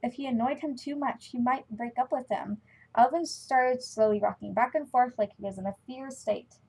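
A woman reads a fan story aloud in a casual, chatty way. She often trips over words and goes back to fix them. Her slightly high voice is picked up by a computer mic. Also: normal speed, darkish tone, slightly rough, rough recording. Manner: chatty, stumbling, self-correcting. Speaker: fan-fiction reader.

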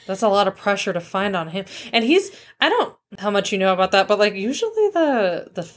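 A woman's voice: mid-range voice, very animated, fairly quick. A woman co-hosting a casual podcast, reacting bluntly and swearing freely in chatty talk. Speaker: podcast co-host. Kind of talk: casual chat.

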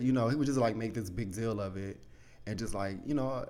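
Low-voiced man rambling candidly. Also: fairly quick, dark tone. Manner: rambling, heavy use of "like" and "you know"; candid, swears casually. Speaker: podcast host. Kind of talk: casual personal storytelling.

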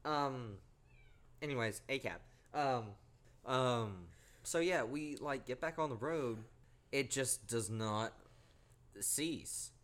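A man's voice: medium pitch, slow, pauses often. A young man hosting a podcast, casually telling a spooky personal story with lots of swearing. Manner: profanity-laced, animated retelling. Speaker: podcast host.

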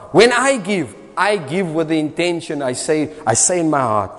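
A man with a South African accent preaching a sermon, emphatic and repetitive, his voice swinging between loud and soft. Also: a little high, expressive, moderate pace, hardly any pauses. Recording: long reverb of a hall.

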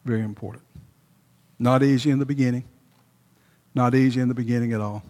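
A man's voice: mid-range voice, steady tone, a little fast, mellow, long reverb tail. A male pastor preaching a sermon, emphatic and repeating his key phrases for weight.

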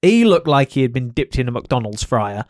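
A man's voice: medium pitch, no room sound, clean studio sound. A man co-hosting a podcast, joking in casual banter with friends. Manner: animated, jokey, fast-talking. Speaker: podcast co-host.

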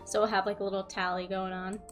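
A woman's voice: medium pitch, little pitch movement, quick pace, soft background music. A woman co-hosting a casual group chat, teasing her friends in a playful way. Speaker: co-host.

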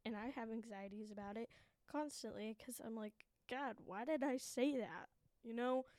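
A woman's voice: on the high side, a little mellow, dry recording. Shaky-voiced young woman podcaster. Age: 20s. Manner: shaky, anxious and frank, swears often, laughs at herself. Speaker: podcast host. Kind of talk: candid solo podcast monologue.

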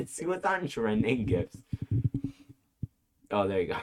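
A man's voice: mid-range voice, sing-song, slow, noisy background. A young man co-hosting a podcast in casual chat, joking and giggling, often trailing off mid-sentence. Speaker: podcast co-host.

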